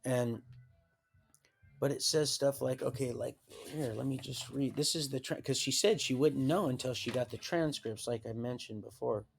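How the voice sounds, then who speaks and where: Rambling man with halting, restarting speech. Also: medium pitch, creaky. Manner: halting, many restarts and trailing sentences; reads documents aloud with wry asides. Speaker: livestream host. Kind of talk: rambling personal storytelling.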